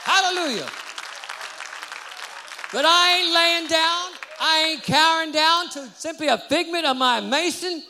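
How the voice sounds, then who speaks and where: A man preaching a fiery sermon in church, shouting calls for the congregation to answer back. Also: very high voice, moderate pace, hardly any pauses, a faint crowd, slight background noise. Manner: shouting call-and-response with the congregation. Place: church service before a congregation.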